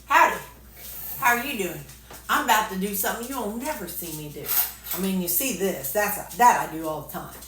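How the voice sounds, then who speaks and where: A woman's voice: mid-range voice, fairly quick, fairly bright tone, reverberant. A woman with a Missouri accent, chatting and joking casually while eating, talking with her mouth full. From Missouri, USA. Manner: folksy, joking, talks with a mouthful. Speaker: weight-loss vlogger.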